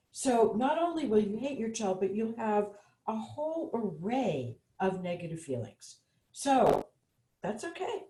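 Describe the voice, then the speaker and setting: A woman on an online panel who tells a short story and then gently leads a mindfulness practice. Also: medium pitch, roomy sound, poor audio. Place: home room, video call.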